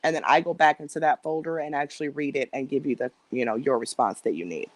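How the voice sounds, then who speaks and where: A woman's voice: low-pitched, quick pace. A woman hosting a casual live stream from home on her phone, rambling and chatting directly with her viewers. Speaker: livestream host.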